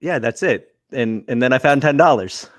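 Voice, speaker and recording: A man's voice: medium pitch, normal speed, no room sound, studio quality. A man co-hosting a comedy podcast, talking in a rambling, profane way with lots of stumbling restarts. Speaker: podcast co-host. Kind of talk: casual comedic chat.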